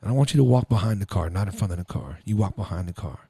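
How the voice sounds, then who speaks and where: A man's voice: sits low, expressive, racing, mellow, breathy edge, no echo, clean studio sound, exaggerated voice. A man voicing a tough street gangster who lectures a teenage boy in a stern, profane way.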